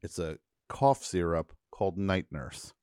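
A man's voice: low voice, expressive, a little slow, a little mellow, clear, resonant tone, no echo, clean studio sound. A man hosting a radio show, chatting casually and telling a story, breaking into silly put-on voices and accents as he goes. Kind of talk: casual studio chat. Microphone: studio microphone.

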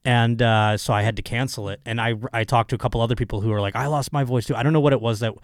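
A comedian hosting his own podcast alone, talking in a rambling, excitable, profane way, his voice still hoarse from being lost. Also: mid-range voice, very fast, no echo, clean studio sound. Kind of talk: casual solo podcast monologue.

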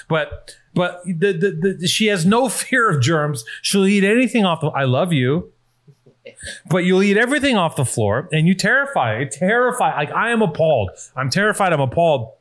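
A man hosts a podcast in loose, casual chat, his voice sitting a bit higher than most men's. He rambles, restarts and swears freely while telling an animated story. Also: moderate pace. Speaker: podcast host.

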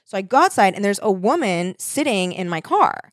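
A woman's voice: mid-range voice, big pitch swings, brisk, no echo, clean studio sound. Rambling storytelling woman podcast co-host. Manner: rambling, self-interrupting, bursts into shouting when telling stories. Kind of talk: casual chat, storytelling.

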